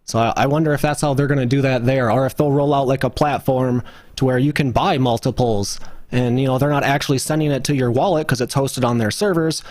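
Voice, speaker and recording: A man's voice: medium pitch, fairly even intonation, brisk, a little mellow, no echo. A man co-hosting a casual roundtable chat, musing aloud with many fillers. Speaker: podcast co-host.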